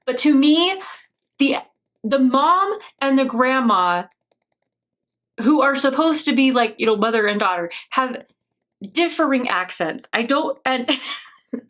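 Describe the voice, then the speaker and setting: A woman's voice: sits high, animated, measured pace, pauses often, a bit bright. Rambling, laughing American woman. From United States. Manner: rambling, laughs often, sarcastic. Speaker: reaction video host. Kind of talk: casual commentary.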